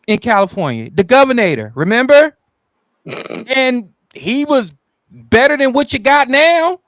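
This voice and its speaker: A man's voice: very high voice, a bit bright, no room sound. A man co-hosting a podcast, talking in a heated, sarcastic, opinionated way. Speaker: podcast co-host. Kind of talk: casual opinionated chat.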